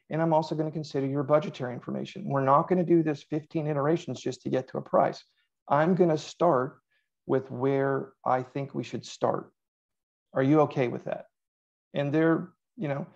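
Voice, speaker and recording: A middle-aged man talking casually as a podcast guest, telling animated stories and quoting himself. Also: a little high, gravelly, highs cut off. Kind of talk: casual interview chat.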